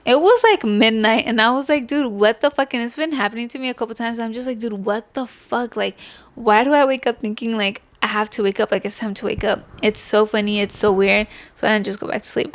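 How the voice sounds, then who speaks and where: Young female podcast host, candid and chatty, mid-pitch, loose and profane. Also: a bit bright. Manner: candid, chatty, swears freely. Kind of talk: casual chat.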